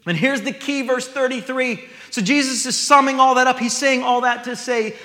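A man's voice: very high voice, moderate pace, hardly any pauses, pushed and bright, roomy sound, big-room sound. A man preaching a sermon, reading scripture aloud and then explaining it in a conversational way.

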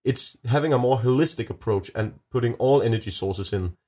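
A man's voice: medium pitch, fairly quick, dark tone. A man with a Danish accent, answering interview questions as a nuclear energy advocate, earnest and emphatic with many restarts. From Denmark.

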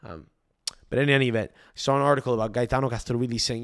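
A man's voice: mid-range voice, steady tone, racing, a bit bright, clean tone. A man talks through a solo podcast in a loose, conversational way. He wanders from point to point, swears casually, and keeps circling back to repeat or restart his sentences. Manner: rambling, profane, repeats and restarts phrases. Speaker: podcast host.

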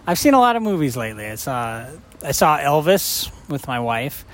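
A man's voice: a little high, big pitch swings, moderate pace, fairly bright tone. Rambling, joking middle-aged man. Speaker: podcast co-host. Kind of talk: casual chat.

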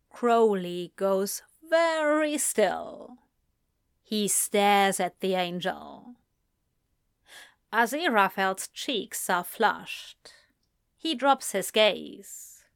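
A woman narrating a story aloud at a slow, unhurried pace, her fairly high voice rising and falling expressively. The recording is dry and close, with no room sound. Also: expressive, vocal fry, clear, resonant tone, no echo. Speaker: audiobook reader. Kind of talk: narrating fan fiction aloud.

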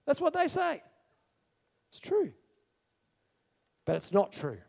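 A male preacher giving a sermon in an animated storytelling manner, asking his congregation questions. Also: very high-pitched, takes it slowly, creaky, long reverb tail.

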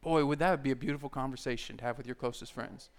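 A male pastor preaching a conversational sermon, joking and animated as he talks to the congregation. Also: mid-range voice, fast talker.

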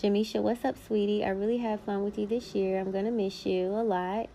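A woman's voice: mid-range voice, flat delivery, brisk, warm tone, slight background noise, low-quality recording. A woman in her thirties hosting a podcast, reading old notes aloud in a casual way with short asides of her own. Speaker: podcast host.

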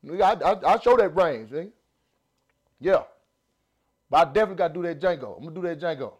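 A man with a Southern accent hosting a casual podcast, animated and laughing, restarting his sentences often. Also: fairly high pitch, fast talker, breathy edge. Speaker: podcast host.

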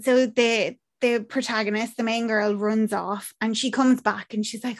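Speaking at a moderate pace with hardly any pauses, a young Irish woman co-hosts a podcast and recaps a film in casual chat. Her voice is on the high side, and she tells the story with animation, acting out characters and swearing freely.

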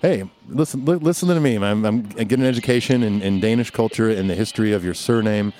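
A man in his forties hosting a casual interview, easygoing and quick to joke and laugh. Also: fairly low pitch, darkish tone, a little hiss or hum. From United States. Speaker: podcast host.

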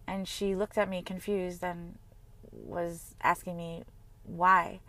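A woman's voice: fairly low pitch, level tone, measured pace, dry recording. Earnest woman reflecting, dry close sound. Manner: earnest, heartfelt, gently reflective. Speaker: mother sharing personal reflections. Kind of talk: personal monologue.

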